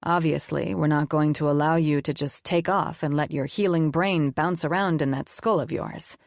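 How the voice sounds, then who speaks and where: A composed, gentle doctor speaks low and steady with a gravelly edge, as a woman narrator voices him. He is quietly sure of himself, and the audiobook reading is dry and close. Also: normal speed, no room sound. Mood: assured. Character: calm, gentle male doctor in his prime.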